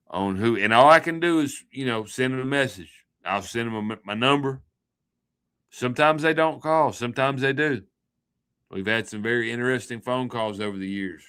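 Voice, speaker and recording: A man's voice: mid-range voice, a bit bright, smooth. A man hosting a livestream, rambling through a joking, folksy sign-off chat. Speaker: livestream host.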